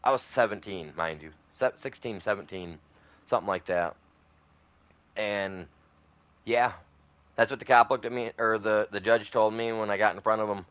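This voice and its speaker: A man's voice: lowish voice, normal speed, pauses often, smooth, no echo, lo-fi sound. A man chatting casually over a farming game, rambling through a long story with many fillers and restarts. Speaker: gaming streamer. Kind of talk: casual gameplay chat.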